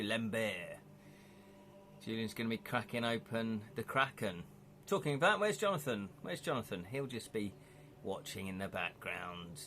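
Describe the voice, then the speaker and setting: A man's voice: mid-range voice, a bit bright, a little hiss or hum. A man chatting casually on a live stream, rambling a little and reading out viewer comments, from the United Kingdom. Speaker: streamer and illustrator.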